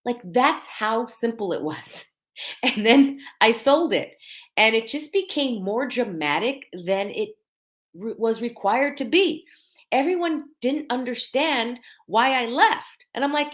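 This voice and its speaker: A middle-aged woman hosts a live podcast in an animated, swinging voice. She keeps circling back to the same lines for emphasis. A light laugh slips in now and then as she talks. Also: on the high side, normal speed. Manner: animated, repeats phrases for emphasis. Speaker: podcast host.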